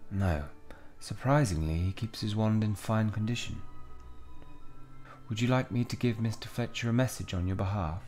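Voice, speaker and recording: A man voicing a quiet, courteous old male wandmaker in a game, speaking in a measured way. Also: fairly low pitch, faint music behind, close to an everyday voice.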